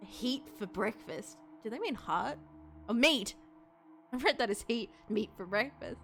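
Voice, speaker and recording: A woman's voice: medium pitch, normal speed, a bit bright, a little hiss or hum. A woman streaming a video game, reading its text aloud and reacting, swearing often and squealing when something scares her.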